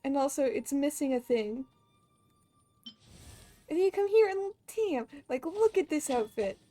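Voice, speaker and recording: A woman streamer chatting casually while gaming, excitable and gushing, swearing freely. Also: high-pitched, unhurried, faint music behind. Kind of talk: casual gameplay chat.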